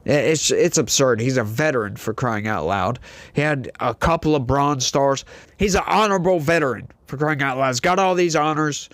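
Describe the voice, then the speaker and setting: A man's voice: medium pitch, moderate pace, fairly bright tone, no room sound. A man hosting a commentary vlog, ranting indignantly with repeated rhetorical questions. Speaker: political commentary host.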